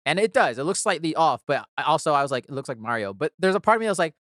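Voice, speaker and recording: A young man co-hosting a podcast in lively casual chat, laughing and swearing as he talks. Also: on the high side, very fast, no room sound, clean studio sound. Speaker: podcast co-host.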